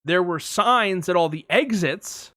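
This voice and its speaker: A young man co-hosting a podcast, telling a long story in casual chat, animated, acting out quotes and swearing freely. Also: sits high, unhurried, dry recording, studio quality. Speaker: podcast co-host.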